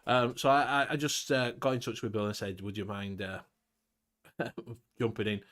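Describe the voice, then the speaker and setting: A man's voice: fairly low pitch, normal speed, fairly bright tone. A man with a Northern English accent hosting a casual live-stream chat, talking bluntly with some swearing and local slang. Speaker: host of a vaping live show.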